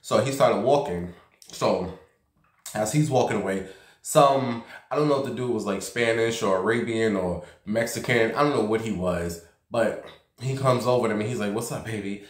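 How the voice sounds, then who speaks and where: A man's voice: on the low side, moderate pace. A man vlogging casually from a basement room at home, telling a gossipy story and acting out the voices of the people in it. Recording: roomy echo.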